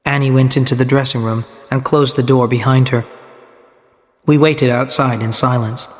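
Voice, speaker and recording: A man's voice: mid-range voice, fairly even intonation, moderate pace. Man reading a story steadily in a reverberant hall. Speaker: narrator. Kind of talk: scripted story narration for learners.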